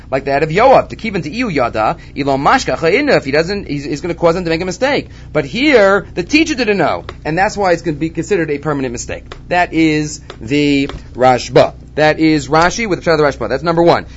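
A man teaching a Talmud lesson, animated and repeating his key points. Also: fairly high pitch. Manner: animated, repeats key points, mixes Hebrew and Aramaic terms. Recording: dull lo-fi recording with faint background noise.

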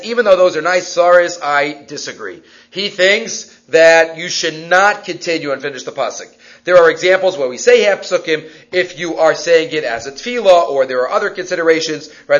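A man leads a Talmud class, quickly citing sources and asking rhetorical questions. His voice sits a little high. The recording sounds dull and lo-fi. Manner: animated, quick Hebrew-Aramaic citations, rhetorical questions. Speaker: Talmud teacher.

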